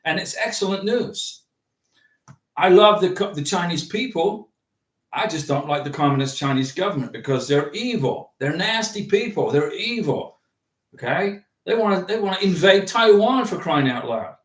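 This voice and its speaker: Man, high-pitched voice, rambling livestream host, echoey room, a bit off mic. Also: moderate pace, distant mic. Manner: rambling, animated, with restarts and chuckles. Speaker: livestream host answering viewer comments. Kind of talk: casual livestream chat. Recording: roomy echo, from off the mic.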